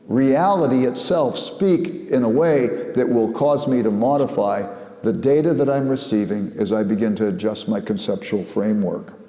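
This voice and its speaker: Measured man lecturing in an echoey hall. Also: mid-range voice, dark tone. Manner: measured, reflective, with anecdotes. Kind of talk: academic lecture.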